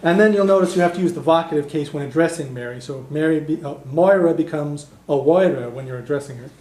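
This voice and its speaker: This man teaches a beginner language class, setting out each point step by step and modelling phrases slowly for repetition. His voice sits fairly high. The recording is roomy and echoey, as in a classroom. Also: a little mellow. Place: community classroom in a heritage house.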